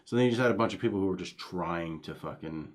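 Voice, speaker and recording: A man co-hosting a casual gaming talk show, swearing freely and telling animated stories. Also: sits low, quick pace. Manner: profane, animated storytelling. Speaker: podcast co-host.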